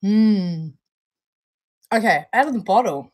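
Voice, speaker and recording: A woman co-hosting a casual live stream, chatty and unhurried, often trailing off and laughing. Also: medium pitch, animated, a little mellow, breathy edge. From Australia or New Zealand. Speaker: co-host of a vape review stream.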